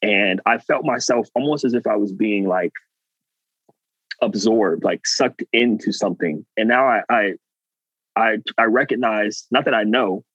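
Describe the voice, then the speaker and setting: A man's voice: on the low side, no room sound, highs cut off. A man guest telling a personal story earnestly, acting out what people said. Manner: animated, earnest, acts out quotes. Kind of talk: casual storytelling.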